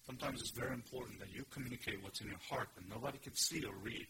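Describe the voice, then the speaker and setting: A man's voice: medium pitch, fast, noisy background. A man preaching a sermon, teaching earnestly and emphatically and asking his listeners questions. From Korea. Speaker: pastor. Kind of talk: expository sermon.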